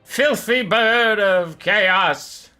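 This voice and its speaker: A man voicing a haughty, sarcastic male high elf mage in lofty, theatrical speech with deadpan insults. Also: extremely slow, soft background music, heavily acted.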